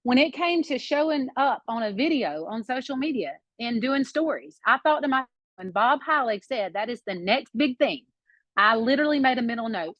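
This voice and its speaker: A woman's voice: fairly high pitch, expressive, normal speed, no room sound. A woman from South Georgia with a Southern accent, sharing her story on a group call while nursing a baby, close to tears. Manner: emotional, warm-hearted sharing, near tears. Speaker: team member on a group call. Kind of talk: casual testimony on a video call. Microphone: video call. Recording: dull lo-fi call audio.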